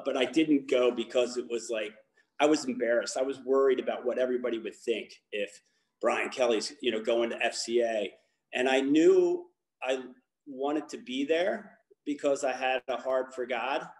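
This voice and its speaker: Heard in a roomy space, this mid-range male voice belongs to a lacrosse coach from Baltimore speaking as a guest. His frank account of his own life wanders, full of fillers and false starts.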